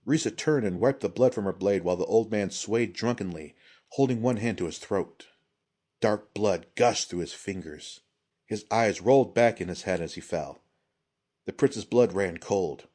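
A man reading a fantasy story aloud as scripted narration, in a measured, steady way. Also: on the low side, husky. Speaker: audiobook reader.

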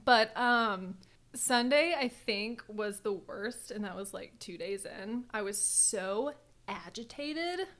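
A young woman co-hosting a podcast, telling a story in animated, casual chat. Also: medium pitch, slow pace. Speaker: podcast co-host.

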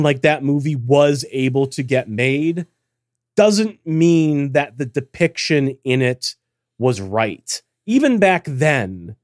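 A man's voice: a little high, a little mellow, no room sound. A man co-hosting a casual podcast, reading listener emails with dry, teasing humor. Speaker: podcast co-host.

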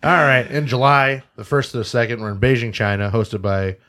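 A man's voice: mid-range voice, fairly even intonation, brisk, sharp tone, slight background noise. A man hosting a casual podcast, reading out a news list and stumbling over foreign place names. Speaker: podcast host.

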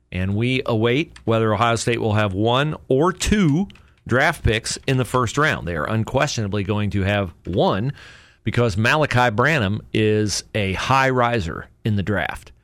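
A man's voice: medium pitch, animated, unhurried, a bit bright, dry recording. A man hosting a podcast alone, rambling through sports memories with fillers and self-corrections. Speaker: podcast host. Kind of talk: casual solo podcast talk.

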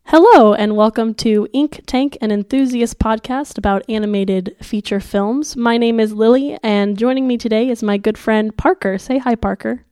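Young woman, podcast host, sick and muffled, chatty with fillers, smooth voice, dry close sound. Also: fairly high pitch, moderate pace, few pauses, mellow, no echo. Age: young adult. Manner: chatty, many fillers, upbeat. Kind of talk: casual podcast chat. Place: school library.

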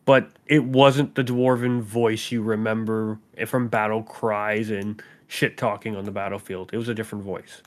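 A man's voice: fairly low pitch, little pitch movement, moderate pace, few pauses. A man acting as game master who narrates a tabletop game in a casual, descriptive way. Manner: casual and descriptive, mild swearing.

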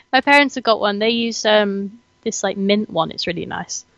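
A woman's voice: mid-range voice, measured pace, a bit bright, dry recording, muffled recording. A young woman hosting a casual chat, giggly and chatty, often poking fun at herself. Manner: giggly, chatty, self-deprecating. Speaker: host, student.

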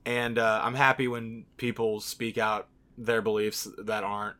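A man's voice: fairly low pitch, little pitch movement, measured pace, a bit bright. A man co-hosting a casual podcast, talking candidly, swearing freely, with lots of fillers. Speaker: podcast co-host.

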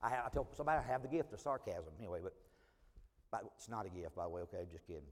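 A man preaching as a traveling evangelist, telling a humorous personal story in an animated, self-mocking way. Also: fairly low pitch, racing, big-room sound.

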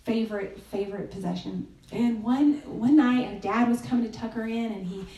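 Woman preacher, mellow and conversational, heard from some distance in a roomy hall. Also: a little high, moderate pace, highs cut off, slight background noise. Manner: conversational, with fillers and soft hushed quotes. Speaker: speaker at a church gathering. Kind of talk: sermon with a told story. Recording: echoey room, distant mic.

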